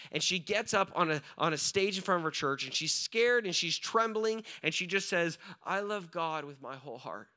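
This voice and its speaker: A young adult man preaching a sermon as a pastor, talking conversationally with frequent "right?" and "like", swinging from hushed asides to fervent storytelling. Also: on the high side.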